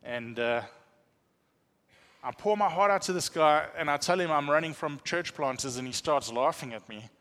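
Bright-voiced preacher. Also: male voice, a little high, normal speed, in a large hall. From South Africa. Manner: animated storytelling, self-deprecating humor. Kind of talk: sermon testimony.

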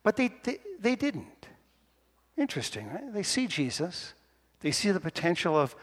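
Animated preacher in a reverberant church. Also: male voice, sits high, moderate pace. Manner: animated, playful, conversational preaching. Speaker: pastor. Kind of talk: lively sermon. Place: church sanctuary. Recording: long reverb of a church hall.

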